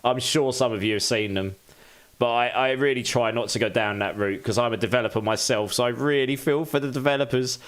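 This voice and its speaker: A man's voice: mid-range voice, fairly quick. A man chatting casually on a live game stream, thanking viewers and speaking candidly.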